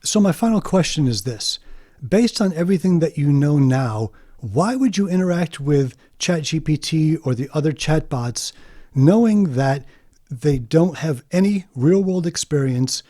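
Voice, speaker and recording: A man hosting an explanatory video monologue, emphatic and deliberate, slowing down to stress key points. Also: a little high, dark tone. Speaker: video host.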